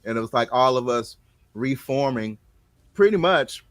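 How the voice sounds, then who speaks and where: A man hosting a casual chat, telling a story in an animated way and loudly acting out what people said. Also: medium pitch, moderate pace, no room sound. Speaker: show host.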